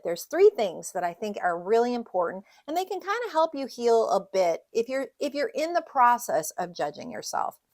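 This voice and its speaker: A middle-aged woman speaks in a lowish voice, with the earnest, conversational manner of a coach giving advice. She walks through her points one numbered step at a time. The recording is close and dry, with almost no room sound. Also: no room sound. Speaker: widowhood coach. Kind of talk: casual podcast talk, advice monologue.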